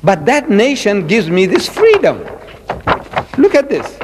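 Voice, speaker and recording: Man, religious lecturer, high voice, animated swings, theatrical repetition, long hall echo. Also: a little slow, background noise. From South Africa. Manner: dramatic, animated preaching with repetition. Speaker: Islamic lecturer.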